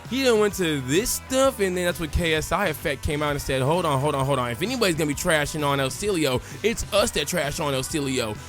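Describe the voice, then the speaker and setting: Animated high-voiced man narrating a game. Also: quick pace, hardly any pauses. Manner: animated, joking storyteller acting out crowd chants. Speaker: gaming YouTuber. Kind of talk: casual let's-play commentary. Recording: faint music underneath.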